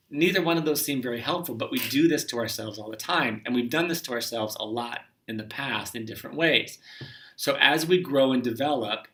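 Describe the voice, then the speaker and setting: Male spiritual teacher, gentle and musing, clear bright timbre, recorded from a slight distance. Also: medium pitch. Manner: gentle, musing, often trails off softly. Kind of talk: reflective solo talk.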